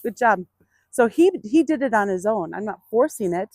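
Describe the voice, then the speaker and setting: A woman's voice: mid-range voice, expressive, moderate pace, dry recording, clean studio sound. Patient woman coaxing a burro. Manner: patient, coaxing the animal in a soft voice between explanations to viewers. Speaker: burro trainer. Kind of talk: hands-on training demonstration.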